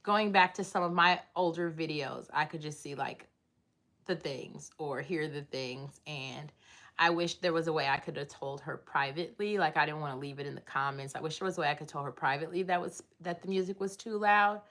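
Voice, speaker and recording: A woman with a low, fairly bright voice hosts a casual livestream from home, speaking a little fast. She rambles and chats while reading and answering viewer comments.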